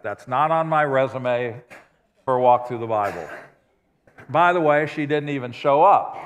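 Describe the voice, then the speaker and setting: A man preaching from the pulpit with a somewhat raised pitch, moving easily between scripture and conversational, self-deprecating stories. His voice rings out with the long reverb of a large church sanctuary. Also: fairly bright tone. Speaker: pastor. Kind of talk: sermon.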